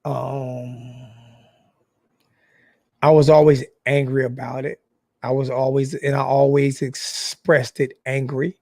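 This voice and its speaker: A young man in an emotional, apologetic vlog monologue who talks haltingly, with many restarts and repeated phrases. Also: mid-range voice, level tone, vocal fry, mellow, dry recording. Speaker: sports fan YouTuber.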